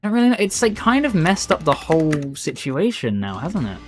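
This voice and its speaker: Lively chatty male game streamer. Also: a little high, fairly quick, faint music behind. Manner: chatty, rambling, says "bro" a lot. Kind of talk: live gameplay commentary.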